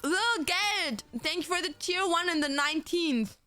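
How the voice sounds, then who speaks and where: A woman's voice: extremely high pitch, measured pace, bright, forceful tone, soft background music. A woman livestreamer chatting casually and playfully, laughing and thanking viewers for donations. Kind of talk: casual live-stream chat.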